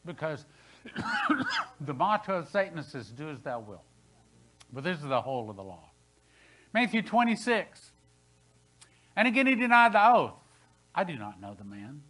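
A man in his sixties preaching a sermon as pastor, with dramatic swings between loud and hushed delivery. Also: sits high, poor audio. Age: 60s. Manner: dramatic preaching, voice rising and falling sharply. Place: church sanctuary.

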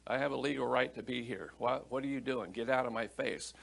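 A man's voice: mid-range voice, fairly quick, vocal fry, a bit bright. A man voicing a defiant, vulgar male demon during a sermon, snarling and indignant. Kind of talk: sermon illustration.

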